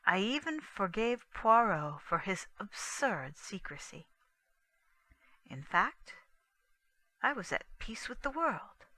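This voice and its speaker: Woman narrator reading an audiobook, calm and slow, dry sound. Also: mid-range voice, dry recording, low-quality recording. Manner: calm, even, deliberate reading. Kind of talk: scripted narration.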